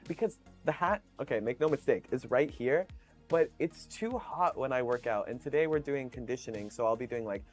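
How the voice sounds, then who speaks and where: Chatting casually on a live stream, this mid-range male voice reads out comments from viewers, laughing often and cursing without restraint.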